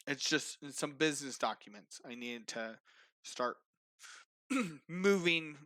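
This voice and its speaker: A man's voice: a little high, animated, slow, bright, forceful tone, no room sound, full character voice. Man doing a shifty kobold trader for a tabletop game: nervous, stalling, dry close sound. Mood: evasive. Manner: nervous, stalling, clears throat. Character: shifty evasive male kobold merchant.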